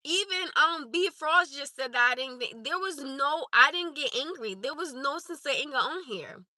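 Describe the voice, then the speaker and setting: A woman with a high, very bright voice talks straight to her live chat as host. She is emphatic and insistent and keeps driving her points home. The sound is close and dry. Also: lively intonation, moderate pace, no room sound. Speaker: livestream host. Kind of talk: live stream chat with viewers.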